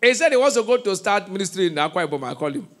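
A man with a Nigerian accent preaching a sermon in a church, with call-and-response questions, shouted bursts and laughing asides. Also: high-pitched, lively intonation, very fast. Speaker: pastor.

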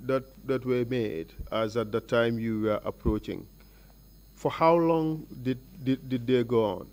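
A man's voice: mid-range voice, unhurried, a little mellow, smooth. A man questioning a witness at a formal hearing, probing and pressing with leading questions. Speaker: lead counsel questioning a witness. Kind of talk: formal cross-examination. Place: hearing room.

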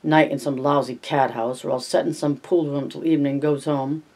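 A man voicing a hardened ranch worker in a read-aloud story, with plain rough dialect speech. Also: a little high, flat delivery, moderate pace, a little mellow. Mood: grim.

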